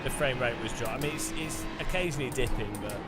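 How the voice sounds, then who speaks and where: A man hosting a sim racing video, giving excitable, incredulous gameplay commentary with bursts of laughter. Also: mid-range voice, quick pace. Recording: background music under voice.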